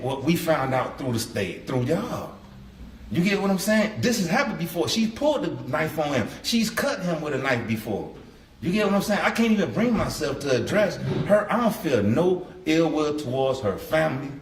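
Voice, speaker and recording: A man's voice: on the high side, big pitch swings, moderate pace, recorded from a distance. A man speaking as a victim's father in court, blunt, emotional and colloquial. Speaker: victim's father giving an impact statement. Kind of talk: courtroom victim impact statement. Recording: roomy courtroom, mic from afar, faint hiss.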